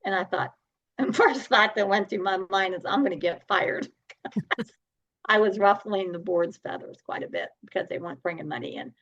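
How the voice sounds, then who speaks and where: Middle-aged woman guest, storyteller who acts out dialogue, mid pitch, muffled recording. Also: normal speed. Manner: animated, acts out dialogue, laughs often. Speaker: podcast guest. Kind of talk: storytelling interview.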